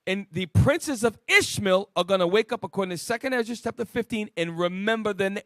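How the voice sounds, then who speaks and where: A man leading a preaching Bible lesson, emphatic and swinging between loud and quiet. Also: sits high, a little fast, hardly any pauses, no echo, studio quality. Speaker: lead teacher of a Bible study show.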